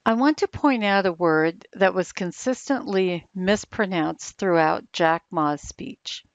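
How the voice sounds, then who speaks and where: A woman explaining English pronunciation slowly and deliberately, like a coach. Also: fairly low pitch, dry recording. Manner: slow, deliberate, instructive. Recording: dull, lo-fi sound.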